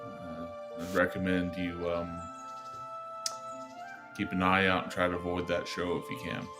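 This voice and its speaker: A man doing a drawling Southern US young guy, low voice, loose and casual, game role-play. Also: monotone, a little slow, music in the background. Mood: warning. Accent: Southern US put-on. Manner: drawling, casual, says y'all.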